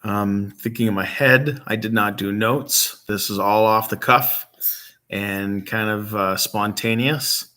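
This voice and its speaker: Halting, emotional middle-aged man from Michigan. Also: fairly low pitch, steady tone, bright, forceful tone. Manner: halting, many pauses and ums, voice catching with emotion. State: emotional, near tears. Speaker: grieving father and vlog host. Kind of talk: unscripted casual talk to camera.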